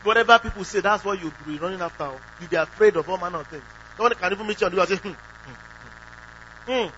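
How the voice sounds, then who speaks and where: A man's voice: high voice, rapid-fire, sharp tone. A man preaching a sermon who asks the congregation questions and acts out quoted prayers. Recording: dull lo-fi recording with faint hum.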